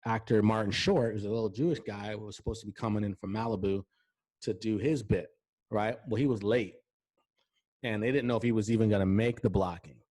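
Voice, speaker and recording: A man's voice: fairly low pitch, fairly quick. Chatty male host telling anecdotes. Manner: lively anecdotes, keeps checking in with "right?". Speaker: talk show host. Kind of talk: casual storytelling interview chat.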